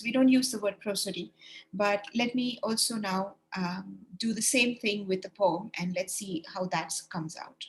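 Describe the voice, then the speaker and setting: A woman's voice: medium pitch, normal speed, a little hiss or hum. A woman leading an online training webinar for teachers over a video call, encouraging and demonstrating read-alouds.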